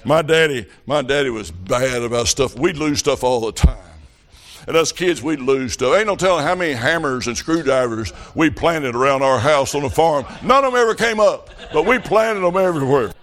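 A middle-aged man preaching a revival sermon, telling folksy stories in a plain country way and rising to loud shouted passages. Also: mid-range voice, moderate pace.

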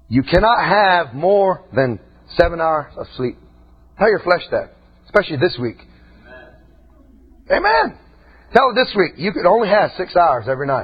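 Male preacher, high, very husky voice; swoops wide, shouts often; sermon in a church on a dull lo-fi recording. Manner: impassioned, breaks into shouts.

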